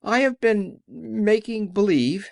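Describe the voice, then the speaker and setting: A man's voice: high voice, lively intonation, takes it slowly, vocal fry, dry recording, clean studio sound, voice pushed up, heavily acted. A man voicing a meek, trembling little old man who is a fake wizard.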